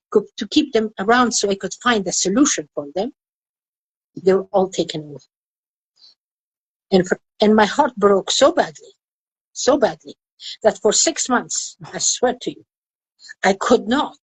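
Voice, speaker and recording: A woman's voice: medium pitch, slightly rough, dry recording, low-quality recording. An older woman from Afghanistan, a women's rights activist, speaking earnestly in an emotional interview and repeating phrases for emphasis. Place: indoors in Kabul.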